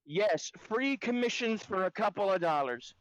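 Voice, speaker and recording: A man's voice: high-pitched, animated, normal speed, fairly bright tone, dry recording, lo-fi sound. A young man co-hosting a podcast, laughing easily and sounding sheepish in crude casual banter. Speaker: podcast co-host.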